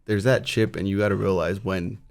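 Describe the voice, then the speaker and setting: A man's voice: fairly quick, creaky. A male boxer talking in a casual podcast interview, telling stories and acting out other people's lines. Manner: animated storyteller, acts out quotes in a high voice. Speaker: guest boxer.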